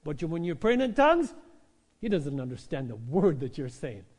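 A man delivers an animated church sermon in a slightly high voice. He talks to the congregation like a conversation, often asking "right?", then climbs to loud, emphatic peaks before dropping to quiet asides. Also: normal speed. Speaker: pastor.

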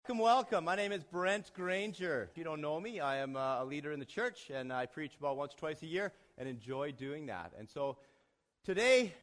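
A man's voice: a little high, animated, normal speed, a bit bright. A man, a church leader preaching a sermon in a plain, direct, self-deprecating way. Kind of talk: sermon with a joke and prayer. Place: church hall. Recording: long reverb of a church hall.

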